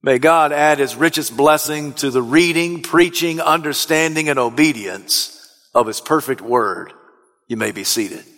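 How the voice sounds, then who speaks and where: An emphatic male pastor preaching in a church sanctuary, his voice a touch higher than most men's. He drives his key phrases home and at times rises to a shout, and a long reverb trails every line. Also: unhurried. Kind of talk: sermon.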